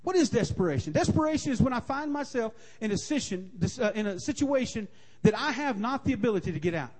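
A man preaching a sermon, repeating his key lines and building to forceful emphasis. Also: very high voice, expressive, fast talker.

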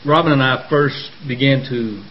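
A man who is a guest in a studio, giving an earnest, measured testimony about his faith. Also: medium pitch, lo-fi sound. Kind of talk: testimony in conversation.

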